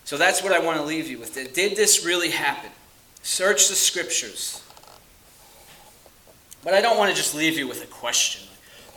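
A man preaching a sermon, earnest and emphatic, stressing key phrases slowly and dropping to quiet asides. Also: a little high, expressive, roomy sound, rough recording.

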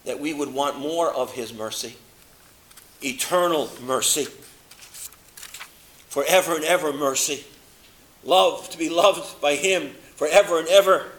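A man preaching a sermon, swinging between loud emphasis and a low, hushed delivery, slowing down to stress words.

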